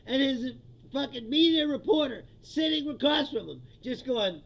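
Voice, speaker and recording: A man's voice: very high voice, expressive, moderate pace, gravelly, muffled recording. A man in his fifties, a comedian hosting a profane, ranting comedy livestream and laughing often. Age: 50s. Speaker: comedian host.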